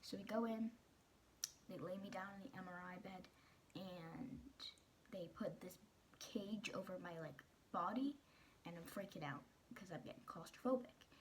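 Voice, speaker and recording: A woman's voice: fairly low pitch, moderate pace, a little hiss or hum. A teenage girl vlogging, telling a personal story in a casual, chatty way, full of "like" and quoting the people in it.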